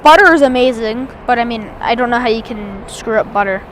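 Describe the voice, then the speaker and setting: Woman, high pitch, live outdoor airport streamer, chatty and rambling, with faint background noise. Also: brisk, fairly bright tone. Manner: chatty, enthusiastic, rambling with restarts. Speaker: live plane-spotting streamer. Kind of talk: live aviation commentary.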